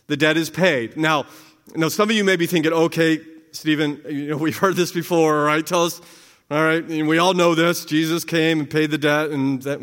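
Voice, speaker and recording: A man's voice: on the high side, fairly bright tone. A man preaching a conversational sermon, asking his listeners questions and often repeating his words. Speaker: pastor. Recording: long reverb of a large hall.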